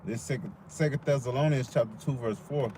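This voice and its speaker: A man reading verses aloud in a halting, quiet reading voice. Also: medium pitch, background noise.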